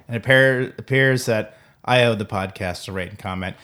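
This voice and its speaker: A man's voice: lowish voice, brisk, sharp tone. A man co-hosting a casual sports podcast, talking in a rambling way with lots of stumbling restarts. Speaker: podcast co-host.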